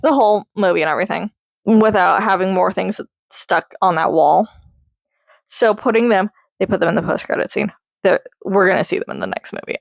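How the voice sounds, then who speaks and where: A young woman rambling casually through a movie review, chatty and excitable, laughing often. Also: medium pitch, gravelly, no echo.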